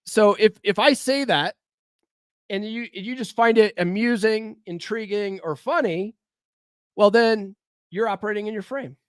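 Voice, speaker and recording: A clear, resonant, high-pitched male voice speaks at a measured pace in a clean studio recording with no echo. He hosts alone, chatting casually about dating and self-improvement while being blunt and profane. He regularly asks listeners "right?" and challenges them head-on with rhetorical questions.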